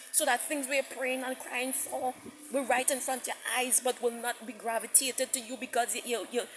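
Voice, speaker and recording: A woman's voice: fairly high pitch, a little hiss or hum, low-quality recording. A woman preaching a sermon message with passion, repeating herself, stammering into restarts and quoting God at length. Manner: impassioned, repetitive, quotes God at length.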